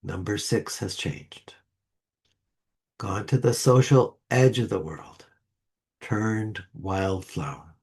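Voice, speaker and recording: A man delivering a sermon to a congregation with a slow, measured delivery and deliberate pauses. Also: fairly low pitch, vocal fry, a little mellow, slightly rough. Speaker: lay speaker. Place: church sanctuary.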